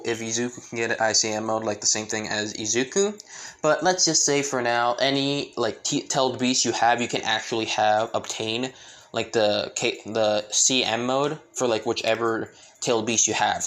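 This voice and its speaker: A man's voice: mid-range voice, fairly bright tone. Rambling young man telling a fan story. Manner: rambling, many fillers and restarts. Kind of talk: improvised fan-story narration.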